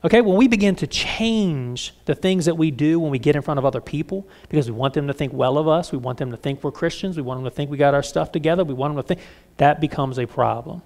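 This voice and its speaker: A middle-aged man preaching a conversational sermon as pastor, candid and self-deprecating with lively asides. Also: fairly high pitch, fast talker.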